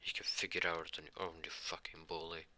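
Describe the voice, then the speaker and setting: A man voicing a bitter, bullied young boy, muttering low in casual fan storytelling. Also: little pitch movement, brisk, bright, forceful tone, exaggerated voice. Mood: cold.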